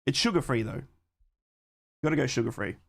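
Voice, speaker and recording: A young man with a hoarse voice from a chest infection, hosting a live football watchalong, chatting to his viewers between calls on the match. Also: medium pitch, animated, a little fast. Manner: chatty, talks to his live chat while fixing things on the fly. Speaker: watchalong host.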